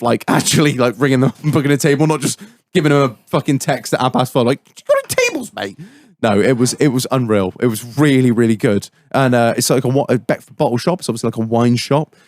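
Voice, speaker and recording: A man's voice: medium pitch, fast talker, a little mellow, no echo. A man on a casual podcast, swearing freely, laughing and mimicking people as he tells stories. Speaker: podcast co-host. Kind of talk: casual banter with friends.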